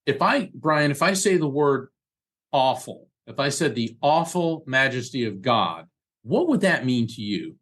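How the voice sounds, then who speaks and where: A man talking in a relaxed interview, telling stories and explaining history with lively asides. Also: medium pitch, a little slow. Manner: animated storyteller, acts out voices in quotes. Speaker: guest, medium and lecturer. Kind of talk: casual conversation.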